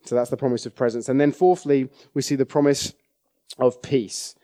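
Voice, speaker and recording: A man's voice: mid-range voice, steady tone, moderate pace, mellow. A man preaching a sermon in a conversational way, often checking in with his listeners.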